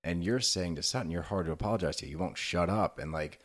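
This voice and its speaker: A man's voice: low voice, fast talker. A man co-hosting a podcast, giving strong opinions on a reality show in casual chat, with swearing. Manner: opinionated, swears, acts out quoted lines. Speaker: podcast co-host.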